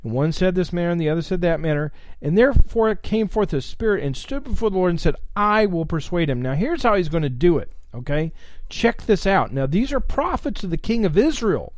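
A man teaching the Bible on a livestream, reading scripture aloud and breaking off with animated asides to his chat viewers. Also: high voice, fairly quick, no room sound, studio quality.

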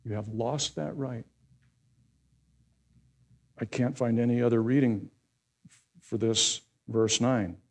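A male pastor giving a conversational sermon that builds into loud, emphatic preaching. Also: medium pitch, slow pace, pauses often.

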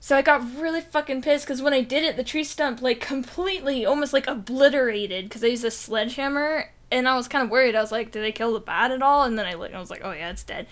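A woman's voice: high voice, quick pace, few pauses, fairly bright tone. Chatty young woman telling a rambling story. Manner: rambling storytelling, lots of "like" and swearing. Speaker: podcast co-host. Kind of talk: casual chat.

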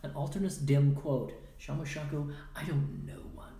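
A man with a fairly high, gravelly voice and wide pitch swings talks at a normal pace while hosting a casual live stream. He chats playfully and mutters to himself as he edits audio, jumping between loud bursts and quiet asides. The recording has a roomy echo and faint noise.

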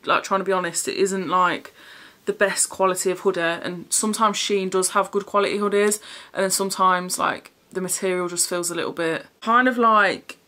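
A chatty woman giving a casual try-on haul, mid-pitched and plain-spoken. She talks frankly and swears freely, often asking if you know what she means. Now and then she sounds a little out of breath. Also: sharp tone. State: slightly out of breath. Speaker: fashion vlogger.

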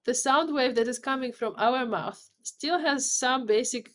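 A woman's voice: high voice, unhurried, fairly bright tone, a little hiss or hum. Woman explaining with many restarts. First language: not English. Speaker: CEO and guest. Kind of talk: podcast interview.

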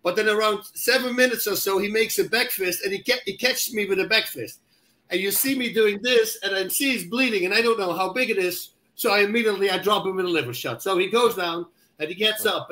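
Male co-host, high bright voice, animated storyteller. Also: quick pace. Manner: excitable, acts out sounds and shouts in his story.

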